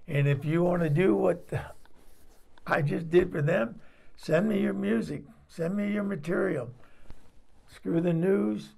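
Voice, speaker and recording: An older man hosting his channel, talking in a loose, folksy, rambling way and clearing his throat now and then. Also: sits high, a little slow, pauses often, dark tone. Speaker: channel host. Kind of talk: casual spoken outro.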